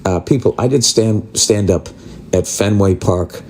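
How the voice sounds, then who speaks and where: A man's voice: fairly low pitch, measured pace, a little mellow, slight background noise. A man, a stand-up comedian, telling a profane, exasperated story.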